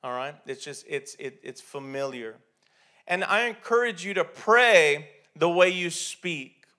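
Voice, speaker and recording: A man's voice: fairly high pitch, lively intonation, measured pace, pushed and bright. A man preaching a sermon in a church, talking conversationally with many restarts and repeated words. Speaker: pastor.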